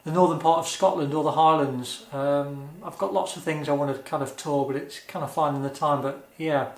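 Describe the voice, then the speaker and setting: A man chats through viewer questions in an easygoing vlog, earnest and a little hesitant with frequent ums. His voice sits slightly high for a man. The sound bounces around an echoey room. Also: steady tone, normal speed. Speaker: motovlogger answering viewer questions. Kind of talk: casual Q&A vlog.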